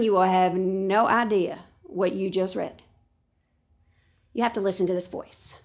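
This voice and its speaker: A woman teacher talking to students in a classroom lesson, lively and expressive, sometimes dropping to a whisper. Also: medium pitch, normal speed. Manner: animated, drops to a whisper for the thinking voice.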